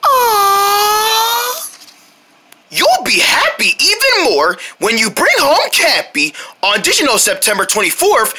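A woman narrating a homemade DVD trailer in an excitable, playful way, breaking into shouts and sound effects. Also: on the high side, breathy edge.

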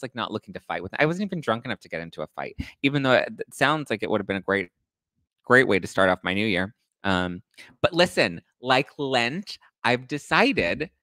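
A young man hosting a casual gossip show, telling stories in a campy, animated way and swearing freely. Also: no room sound. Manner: animated, campy, swears freely, acts out quoted people in high voices. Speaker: host.

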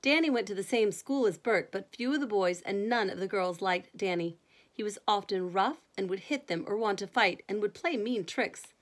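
A woman reading a children's chapter book aloud at bedtime, in a gentle, even manner. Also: mid-range voice, normal speed. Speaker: bedtime story reader.

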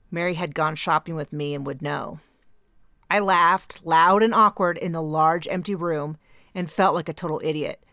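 A woman reads a first-person novel aloud, lightly self-deprecating in her storytelling. Her voice is on the low side, with a noticeable vocal fry. The recording is close and dry, with no room sound. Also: fairly even intonation, normal speed, a bit bright, no room sound. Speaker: audiobook narrator. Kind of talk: first-person audiobook narration.

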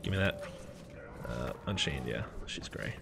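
A man giving gameplay commentary, excitable and rambling, swearing often as he plays. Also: rumbling low, a little slow, gravelly, a little hiss or hum. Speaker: gaming channel host.

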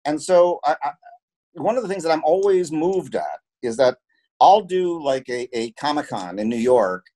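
A man's voice: a little high, expressive, normal speed, mellow. A man who works as a film and television producer, telling stories as an interview guest in an earnest way and often repeating words as he restarts. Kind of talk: conversational interview, telling anecdotes.

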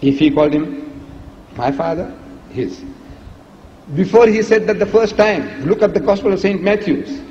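A man's voice: high-pitched, normal speed, long pauses, slight background noise. Emphatic man lecturing in an echoey hall. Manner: emphatic, rhetorical questions, lively teasing delivery. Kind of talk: public lecture played in a reaction video. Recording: echoey hall, dull lo-fi archive recording.

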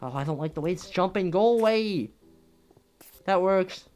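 A gameplay commentator talking over their own play, jumpy and quick to swear, yelping at every scare. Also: mid-range voice, expressive, a little mellow, faint music behind.

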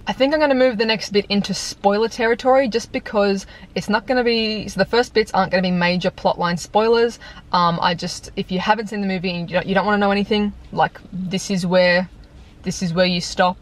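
A young woman casually talking through a film review in a chatty, animated way, full of "like" and "um". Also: medium pitch, brisk. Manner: chatty, animated, lots of fillers. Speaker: YouTube vlogger reviewing a film. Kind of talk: casual chat. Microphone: compact camera mic.

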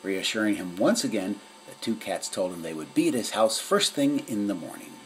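A man with a low voice reads a children's storybook aloud. His pitch swings widely as he tells the tale. A faint hiss sits underneath. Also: fairly quick, rough recording. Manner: expressive storytelling. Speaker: narrator. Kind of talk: storybook reading.

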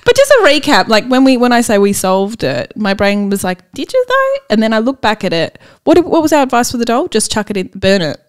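A woman's voice: on the high side, sing-song, a little fast, few pauses, smooth. A woman comedian co-hosting a podcast in casual, candid chat, giggling often.

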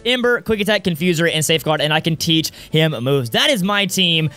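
A young man hosting a casual two-player gaming session, chatty and excitable, laughing often. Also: on the high side, brisk, clear, resonant tone, soft background music. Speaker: host. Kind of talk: gaming commentary.

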